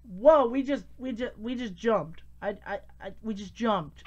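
A woman's voice: a little high, lively intonation, a little slow, a little mellow, highs cut off, slight background noise. A young woman giving casual gameplay commentary, giggling, exclaiming, and reading game text aloud. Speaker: let's play host.

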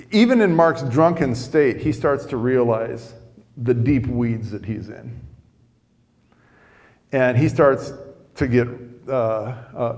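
A man's voice: medium pitch, darkish tone, long reverb tail. A middle-aged man preaching a sermon as a chatty story, often repeating words as he starts his lines. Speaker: pastor. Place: church sanctuary.

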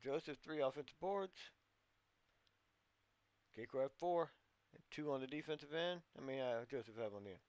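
A man's voice: mid-range voice, normal speed, pauses often, dry recording, muffled recording. A man giving casual play-by-play commentary on a basketball video game, talking like a folksy coach who keeps calling his players boys and son. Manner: gets louder and more urgent during play. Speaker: gaming commentator.

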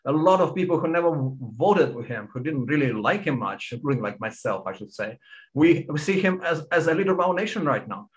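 A man, speaking on an academic panel in an earnest, halting way with many restarts, visibly moved. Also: on the high side, animated, rough recording. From Ukraine.

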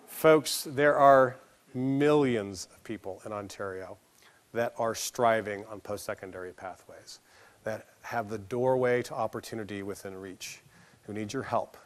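Middle-aged us guy doing a keynote, tells stories, does the voices, pretty lively. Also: mid-range voice, slight background noise. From United States. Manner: animated storyteller, acts out voices, laughs along. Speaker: keynote speaker. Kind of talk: conference keynote with anecdotes. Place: conference hall stage.

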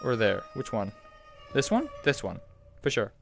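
A woman narrating her own gameplay with salty, unfiltered reactions. Her pitch leaps all over the place, from low mutters to sudden high yelps, while her delivery stays slow and drawn out between the outbursts. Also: very animated, creaky, faint music behind. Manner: profane, screams and exclaims at jump scares. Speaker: video game let's player.

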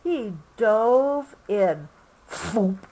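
A mother reading a picture book aloud to her child at home, expressive and stopping now and then to explain. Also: mid-range voice, drawn-out words, low-quality recording. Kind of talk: storybook read-aloud.

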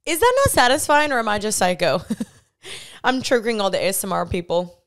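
A woman's voice: medium pitch, animated, a little fast, clear, resonant tone. A woman in her twenties hosting a casual solo podcast, chatty and bubbly, laughing often. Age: 20s. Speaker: podcast host. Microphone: studio podcast mic, seen on camera.

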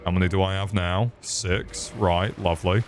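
A young British man giving live gameplay commentary, excitable and sweary as he chats with viewers. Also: sits low, moderate pace, slight background noise. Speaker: streamer.

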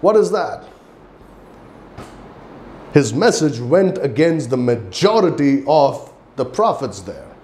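A man with an Indian English accent, a pastor with a fairly high, darkish voice, gives an emphatic sermon. When he reads scripture aloud, his intensity builds.

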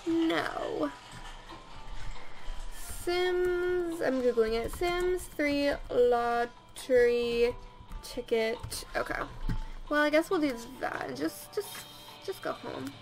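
A woman's voice: high voice, extremely slow, soft background music. A young woman giving rambling, casual commentary over her video game and talking to her characters. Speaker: let's play host.

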